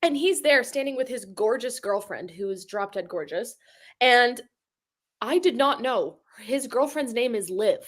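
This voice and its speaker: A woman's voice: fairly high pitch, expressive, unhurried. A young adult woman co-hosting a livestream, telling a story in casual chat, acting out quotes and laughing often. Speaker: livestream co-host.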